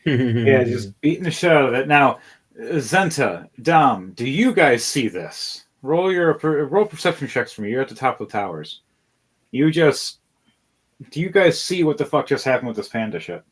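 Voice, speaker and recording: A young man narrating a tabletop game as game master, swearing freely and excitedly restarting his sentences. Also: medium pitch, moderate pace, slightly rough.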